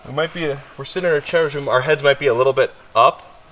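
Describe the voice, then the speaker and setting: A young outdoor vlogger rambles through casual chat while camping beside water in the forest, calling his dogs along as he goes. His mid-range voice moves quickly with a fairly bright tone, over a rough recording with a bit of hiss or hum.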